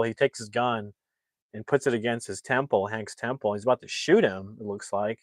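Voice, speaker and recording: Recapping a movie on his livestream, a man with a lowish voice talks at normal speed. The film reviewer wanders through the story with plenty of restarts, throwing himself into the characters' dialogue with animated energy.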